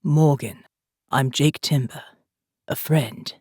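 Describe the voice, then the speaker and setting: A woman narrator voicing a calm male operative leader with a faint South African accent, speaking quietly and with authority. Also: extremely low pitch, slow, breathy edge, no echo, studio quality, voice pushed down, full character voice. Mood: calm, persuasive.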